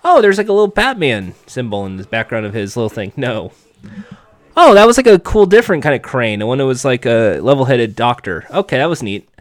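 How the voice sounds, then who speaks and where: A man giving sarcastic, foul-mouthed reaction commentary over a show he is watching, breaking into shouted outbursts. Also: mid-range voice, sing-song, fast, few pauses, no echo.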